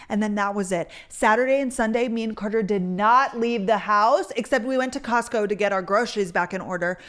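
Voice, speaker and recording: A young woman with a light twang tells a story straight to her camera. She rambles happily and fills her talk with "like"s. Her voice sits a bit high for a woman. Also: fairly bright tone. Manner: chatty, storytelling with many "like"s and quoted voices. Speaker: content creator. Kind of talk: casual chat to camera. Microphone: camera mic.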